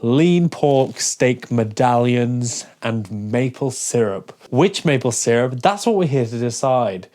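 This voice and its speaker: Man, young, casual vlog chatter, exasperated and indignant, mid-pitched voice. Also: expressive, slow, few pauses, darkish tone. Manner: exasperated, mock-outraged ranting. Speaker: fitness vlogger. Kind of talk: casual vlog talk to camera.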